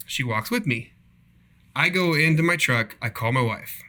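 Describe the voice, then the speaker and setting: A man casually telling profane, animated stories about his cable installer job. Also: medium pitch, normal speed. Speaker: podcast guest, cable installer. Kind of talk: casual storytelling.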